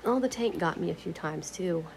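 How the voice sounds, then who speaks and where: Woman vlogging at home, rambling chatty talk, swears a lot, slips into whispers, lowish voice, faint room hiss. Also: animated, normal speed. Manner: chatty, swears freely, laughs often, drifts into whispers. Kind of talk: casual rambling chat.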